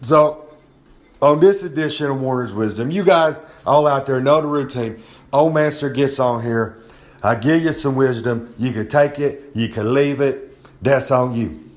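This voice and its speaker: Sore, hungover, and at home, a wrestler with a regular podcast segment boasts brashly about himself in the third person into a phone held close to his face. His voice is mid-range and his delivery unhurried.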